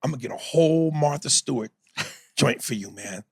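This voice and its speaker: A man co-hosting a podcast in casual, profane chat, swinging into loud indignant rants. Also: medium pitch, animated, moderate pace, husky, dry recording, clean studio sound. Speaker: podcast co-host.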